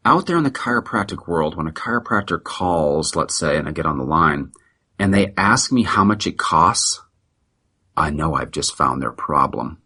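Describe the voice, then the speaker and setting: A middle-aged man with a very low voice pushes a motivational sales pitch with blunt, preachy emphasis. His tone is tense and driving, and there is a husky grain to it. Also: animated, normal speed, bright, forceful tone. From United States. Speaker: practice consultant guest.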